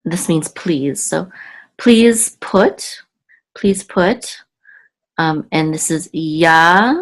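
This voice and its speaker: A woman teaching Biblical Hebrew word by word, patient and halting, often correcting herself. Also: low voice. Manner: halting, with many fillers and self-corrections. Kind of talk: slow, patient word-by-word lesson.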